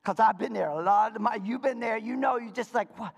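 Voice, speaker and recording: Animated high-voiced preacher man with gravel. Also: brisk, big-room sound. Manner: animated preaching, swinging from high shouts to low murmurs; playful, joking asides to the congregation. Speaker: pastor. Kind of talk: sermon.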